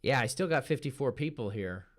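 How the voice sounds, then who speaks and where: A man's voice: mid-range voice, brisk. A man hosting a live trading stream, talking casually as he walks through charts and often repeats a word for emphasis. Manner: relaxed, talks while pointing at charts, repeats words for emphasis.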